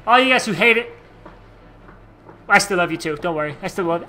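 High, bright young-sounding gamer guy, loud casual commentary. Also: lively intonation, quick pace. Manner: loud, jokey, swearing. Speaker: let's play gamer.

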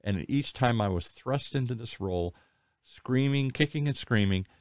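A man in his sixties hosting an interview, telling personal stories in a candid, rambling, animated way. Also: mid-range voice, moderate pace, dry recording, studio quality. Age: 60s. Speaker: podcast host. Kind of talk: conversational interview.

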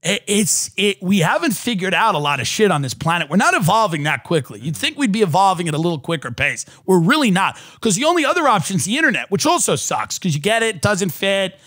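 A man's voice: high-pitched, very animated, brisk, few pauses, a bit bright, no echo, studio quality. A man in his thirties, a podcast host from the United States, ranting sardonically in a comedic monologue. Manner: sardonic ranting, mocking voices.

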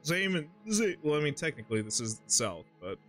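A man's voice: fairly high pitch, sing-song, fairly quick, fairly bright tone, faint music behind. A man streaming a horror video game, rambling casually, swearing and laughing often. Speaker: gaming streamer. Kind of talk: casual gameplay commentary.

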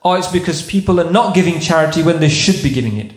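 High-voiced preacher in an echoey mosque. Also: male voice, expressive, fast, soft background music. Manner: explains Arabic terms, repeats for emphasis. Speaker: mosque speaker. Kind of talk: sermon. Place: mosque hall.

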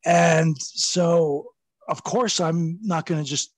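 A man telling backstage stories as a guest in a casual interview, animated and profane, laughing as he goes. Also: on the high side, takes it slowly, no room sound. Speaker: guest recounting his wrestling career.

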